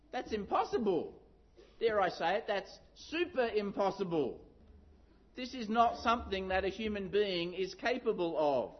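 A middle-aged man preaching a sermon, telling a story with lively acted-out shouts. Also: high-pitched. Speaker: pastor. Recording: dull lo-fi sound.

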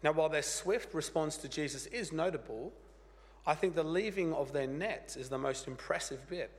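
Croaky-voiced man preaching in a church. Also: fairly high pitch, normal speed. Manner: earnest, plain-spoken preaching with light humor. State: hoarse, croaky voice from a cold. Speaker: pastor. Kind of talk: sermon. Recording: church hall reverb.

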